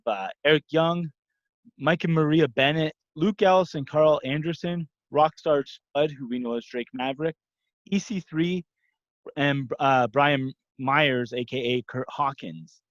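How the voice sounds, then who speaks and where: Podcast host running down wrestling news. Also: male voice, fairly high pitch, no echo. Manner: brisk, matter-of-fact news rundown. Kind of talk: reading news segment. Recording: dull lo-fi dry podcast audio.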